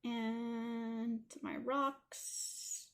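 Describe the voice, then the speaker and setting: A woman's voice: fairly high pitch, little pitch movement, drawn-out words. Chatty Canadian woman drawing tutorial. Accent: Toronto Canadian. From Toronto, Canada. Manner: chatty, apologetic asides while working. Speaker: art tutorial host. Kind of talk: casual drawing tutorial narration.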